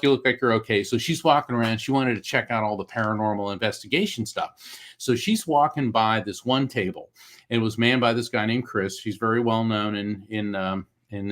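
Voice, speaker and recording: A middle-aged man from Florida, a psychic medium, telling a personal story in an interview with animated, acted-out quotes. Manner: animated storyteller, acts out quoted voices with big pitch jumps. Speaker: guest, psychic medium and author. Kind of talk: storytelling in a talk show interview.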